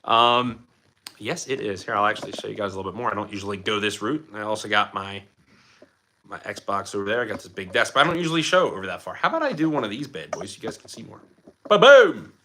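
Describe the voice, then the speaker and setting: A man's voice: fairly low pitch, quick pace, background noise. A man from Philadelphia hosting a livestream, chatting casually and enthusiastically as he answers viewers' questions. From Philadelphia, USA. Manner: chatty, enthusiastic, jumps between topics. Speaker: livestream host.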